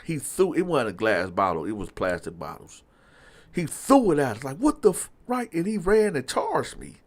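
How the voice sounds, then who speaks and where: Man, casual storytime monologue, animated, addresses the audience, swooping expressive pitch. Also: normal speed. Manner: animated, talks straight to the audience, lots of fillers. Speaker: storyteller host.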